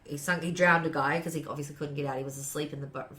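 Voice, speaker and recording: A woman's voice: low-pitched, steady tone, rapid-fire, pushed and bright. A woman in a casual podcast chat, explaining a story in a chatty, interrupting way. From New Zealand. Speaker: podcast guest.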